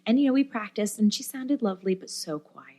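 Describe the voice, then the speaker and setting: A woman being interviewed on a podcast, telling a story in a lively, casual way with lots of fillers and acted-out quotes. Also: medium pitch, brisk. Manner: animated storyteller, many fillers, acts out quoted voices. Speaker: guest, musician and camp director.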